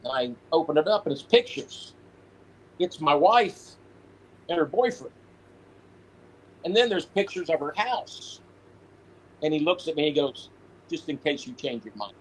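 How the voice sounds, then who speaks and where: A man's voice: a little high, measured pace, pauses often, rough recording. A man, a former prisoner, telling stories in a casual interview, quoting others as he goes. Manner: animated storyteller, quotes others in voice.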